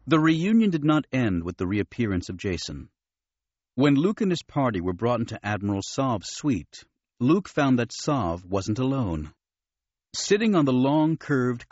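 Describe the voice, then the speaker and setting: A man narrating an audiobook with steady, expressive storytelling. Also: mid-range voice, dry recording. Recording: dull, dry studio recording.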